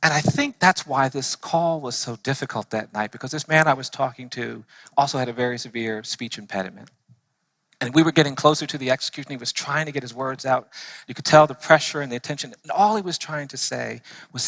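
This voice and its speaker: Male lawyer giving a heartfelt church talk with earnest, slow emphasis and a bright, tense tone. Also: mid-range voice, gravelly, no room sound. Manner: earnest storytelling, slowing for emphasis. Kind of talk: impassioned speech to a church audience.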